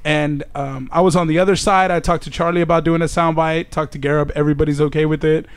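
A man's voice: fairly high pitch, clear, resonant tone. A man hosting a podcast, telling a long story in casual chat, swearing often and laughing. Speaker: podcast host.

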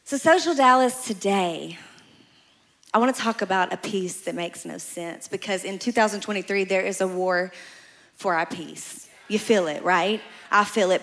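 A woman's voice: medium pitch, moderate pace, a bit bright. A woman pastor preaching a sermon, telling a story with playful asides and acting out voices.

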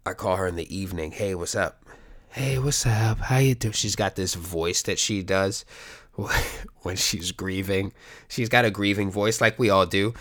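A man's voice: low voice, a bit bright. A middle-aged man, a coach, talking candidly to his viewers in a rambling, profane, joking way. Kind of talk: casual monologue to viewers.

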